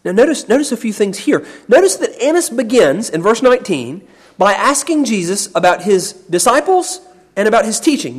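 A Bible teacher giving a sermon, explaining a passage with emphasis and often repeating words. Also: mid-range voice.

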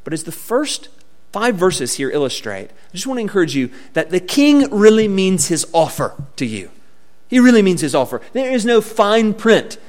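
A man preaching a sermon in a fairly high voice. His delivery is expressive and very lively, rising and falling as he speaks. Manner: expressive preaching with wide swings in pitch and volume. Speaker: pastor.

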